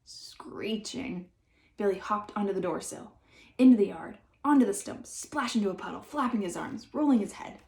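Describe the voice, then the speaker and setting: A woman reading a children's chapter book aloud in a lively, expressive storytelling manner. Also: medium pitch, normal speed, gravelly. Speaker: audiobook reader. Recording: roomy echo.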